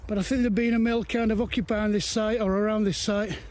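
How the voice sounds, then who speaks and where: Chatty high-voiced man outdoors. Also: steady tone, fast talker, a little mellow, slight background noise. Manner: chatty, rambling, easily amazed; walking uphill, at times a bit out of breath. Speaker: walking vlogger. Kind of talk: casual walk-and-talk narration. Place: outdoors on hilly woodland paths.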